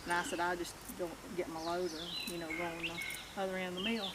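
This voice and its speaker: A woman's voice: lowish voice, level tone, fast, very noisy. Folksy older woman outdoors. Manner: folksy, plainspoken. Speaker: loader operator at sawmill. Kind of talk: casual storytelling.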